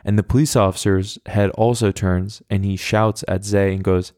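Young man, low voice, flat delivery, mellow tone, dry close mic, rambling profane storytelling. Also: normal speed, no echo. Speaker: podcast host. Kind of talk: casual storytelling monologue.

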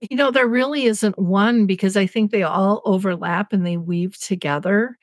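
A woman's voice: medium pitch, normal speed, dry recording. A middle-aged woman, a patient advocate, speaking in a heartfelt, reflective way in a podcast interview. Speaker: dementia patient advocate guest.

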